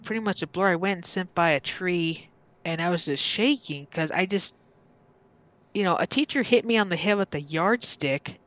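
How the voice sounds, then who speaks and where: A woman's voice: lowish voice, fairly bright tone. A woman guest on a podcast, casually telling a personal story and often stopping to restart or repeat her words.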